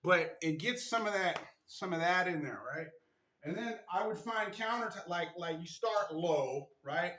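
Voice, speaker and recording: A male martial arts instructor shows stretches to a camera in an easygoing, talkative manner, a little strained and habitually finishing lines with "right?". His high voice is unhurried and sharp in tone. A camera mic picks him up in an echoey room with slight background noise.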